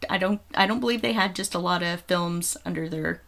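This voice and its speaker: A podcast co-host chats casually about films, her fairly low voice creaky and a bit bright, moving a little fast. She's chatty and nitpicky, dropping frequent ums.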